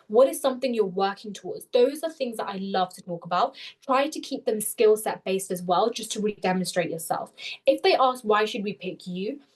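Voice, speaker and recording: A young woman coaching applicants through a live webinar over a video call. Her voice sits fairly high and she moves quickly, correcting herself as she goes. She sounds eager to explain. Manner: fast, animated, self-correcting explanations. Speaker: interview tutor.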